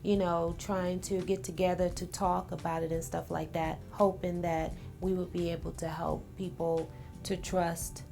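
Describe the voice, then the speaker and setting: A woman's voice: fairly low pitch, flat delivery, normal speed, gravelly, mellow, faint music behind. A woman who runs a natural hair care business, speaking hesitantly with many fillers on a casual panel.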